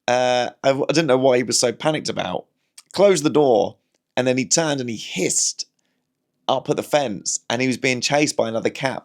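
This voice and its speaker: A man talking casually to camera at home, chatty and wry, often trailing off and restarting. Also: mid-range voice. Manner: chatty, wry, self-interrupting. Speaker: comedian vlogger. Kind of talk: casual rambling monologue.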